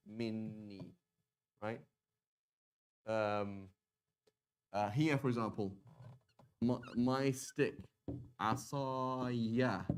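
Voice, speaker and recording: This Arabic teacher, a man with a mid-range voice, runs his language class casually and conversationally. He often pauses to sound words out slowly, uses plenty of fillers, and restarts his sentences.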